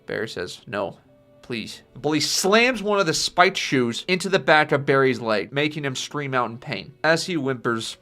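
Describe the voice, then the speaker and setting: Man casually narrating a film pitch. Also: fairly bright tone. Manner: plain storytelling with casual asides. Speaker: channel host pitching a film. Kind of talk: reading a film pitch aloud.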